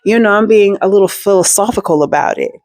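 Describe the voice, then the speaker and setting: A woman spinning a casual storytime for her viewers, slangy and playful, tossing asides straight to the audience. Her voice sits at an ordinary middle pitch, recorded close and dry with no room around it. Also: quick pace, darkish tone, no echo. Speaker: storytime vlogger.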